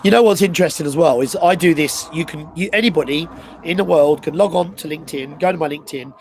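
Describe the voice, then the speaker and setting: A man's voice: on the high side, fast, darkish tone, a little hiss or hum, rough recording. A man co-hosting a live chat, telling stories with many fillers and restarts. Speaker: co-host and recruiter.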